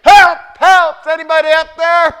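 A man voicing a panicked hiker who has slipped off a cliff and is yelling for help. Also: very high-pitched, level tone, normal speed, voice pushed up.

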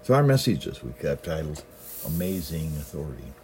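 A man's voice: rumbling low, big pitch swings, fairly quick, darkish tone, slight background noise. A middle-aged male pastor giving a sermon in a folksy storytelling manner, often opening his sentences with "well".

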